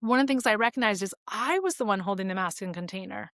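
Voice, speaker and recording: Woman, 40s, podcast guest; candid, reflective storyteller; mid-pitched voice; dry close sound. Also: quick pace, fairly bright tone, no echo. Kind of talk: casual conversation.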